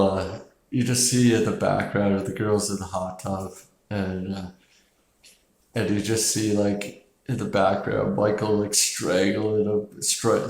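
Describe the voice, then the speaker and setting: A man's voice: fairly low pitch, vocal fry, a little mellow. A man casually reviewing a horror film in a loose, rambling, profane way, with frequent chuckles and filler words. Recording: echoey room.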